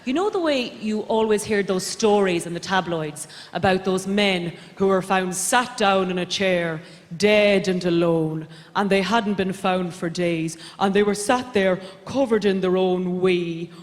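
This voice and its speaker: A young Irish woman performing stand-up comedy on a theatre stage, rambling in a deadpan, self-deprecating way. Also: medium pitch, unhurried. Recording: reverberant live theatre recording. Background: audience laughter.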